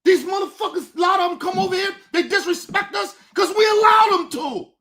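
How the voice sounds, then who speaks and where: This is a woman hosting a livestream rant, her voice high and bright. She speaks angrily, swears constantly, and often rises to a shout. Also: a little fast. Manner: angry, profane, often shouting. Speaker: streamer, show host.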